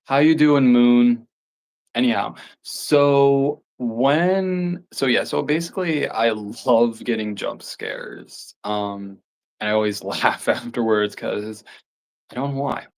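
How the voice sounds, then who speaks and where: A man's voice: mid-range voice, takes it slowly, gravelly, low-quality recording. A young man hosting a casual livestream, rambling with lots of fillers and frequent laughs as he chats to viewers. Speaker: livestream host.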